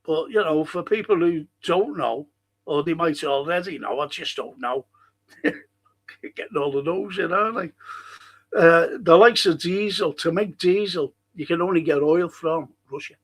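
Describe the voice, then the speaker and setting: High-voiced, slow-talking man. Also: a bit bright, slightly rough. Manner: rambling, chatty, swears freely. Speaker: live-stream history host. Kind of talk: casual live-stream chat reading viewer comments.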